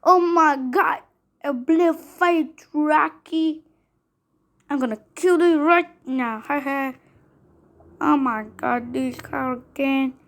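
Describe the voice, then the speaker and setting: High-pitched woman gamer, slow talking, teasing the other cars. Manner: playful, bossy trash talk and sung racing noises. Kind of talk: game commentary.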